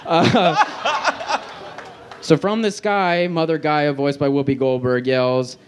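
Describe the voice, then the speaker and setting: A man's voice: on the high side, slow pace, a little hiss or hum. Man reading crude fan fiction on stage. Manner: deadpan reading with self-aware asides and laughs. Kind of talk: live stand-up reading. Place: outdoor festival stage.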